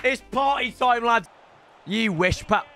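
A young man commentating his own football video game matches, excitable and sweary, ribbing his opponents. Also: very high-pitched, takes it slowly. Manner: excitable, shouty, sweary banter. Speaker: gaming YouTuber. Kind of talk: live gameplay commentary. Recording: game music behind voice.

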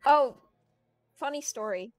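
A woman's voice: high-pitched, animated, slow pace, darkish tone, no room sound, soft background music. A young woman chatting casually and rambling while streaming a video game, laughing often. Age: young adult. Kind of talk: casual gaming stream chat.

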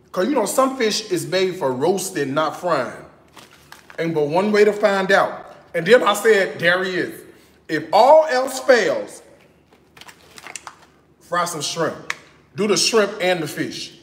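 A man vlogging in his home kitchen, chatting in a sassy, animated way with speech. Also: high voice, echoey room. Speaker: cooking vlogger. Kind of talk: casual chat.

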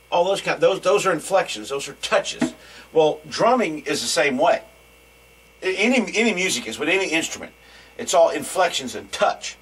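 A man's voice: fairly high pitch, a bit bright, breathy edge. A man teaching a drum lesson in a loose, rambling, joking way. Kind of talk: casual video lesson. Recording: distant mic with faint noise.

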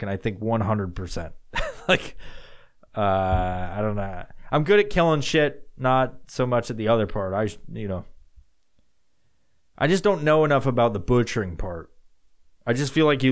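A man hosting a casual solo podcast, rambling and swearing as he answers listener questions. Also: lowish voice. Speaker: podcast host.

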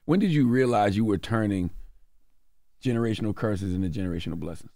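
A low-voiced man hosts a radio interview, asking direct, probing questions at a quick clip. The sound is dry and close, from a studio mic. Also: expressive, dark tone, dry recording. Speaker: radio show host. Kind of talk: interviewing a guest. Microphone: studio microphone.

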